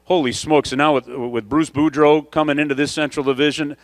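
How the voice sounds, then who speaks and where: A man's voice: fairly high pitch, steady tone, brisk, no echo. A man emceeing a coaching conference, telling a story to the audience in a chatty, conversational way.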